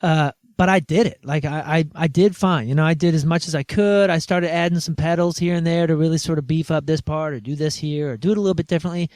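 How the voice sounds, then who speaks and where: A man guest on a podcast, telling a story in a casual, animated way and acting out the quoted conversations. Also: a little high, fast talker, few pauses, no room sound.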